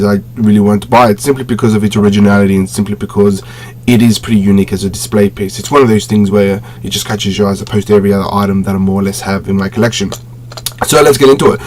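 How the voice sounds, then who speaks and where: A man's voice: fairly low pitch, darkish tone, a little hiss or hum. A man casually reviewing a collectible on a webcam at home, rambling, with many fillers and self-corrections. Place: home room with display shelves.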